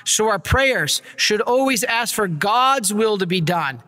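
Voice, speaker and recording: A man, a priest, giving an earnest and energetic sermon with slides. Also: sits high, measured pace, long reverb tail. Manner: earnest, energetic preaching, gets worked up.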